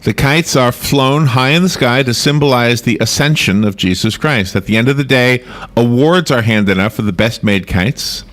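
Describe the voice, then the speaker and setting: A man's voice: mid-range voice, normal speed, a bit bright. A man co-hosting a casual morning radio show, reading holiday customs aloud and laughing often. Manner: laughs often, reads facts aloud then riffs. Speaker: radio host.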